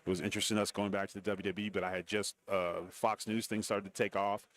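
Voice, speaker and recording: Man, low voice, rapid talk, animated storyteller, radio interview guest. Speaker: guest, former wrestler and TV commentator. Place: radio row broadcast booth.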